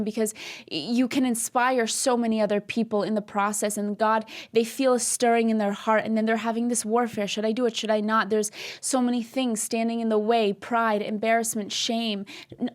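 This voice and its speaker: A young woman co-hosting a casual faith podcast, telling stories animatedly and acting out what others said. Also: on the high side. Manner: animated storyteller, acts out quotes. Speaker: podcast co-host.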